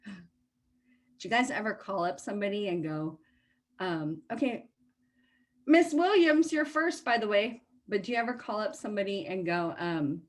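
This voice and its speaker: A woman's voice: medium pitch, big pitch swings, moderate pace. A woman life coach on a group video coaching call, bubbly and playful, laughing often.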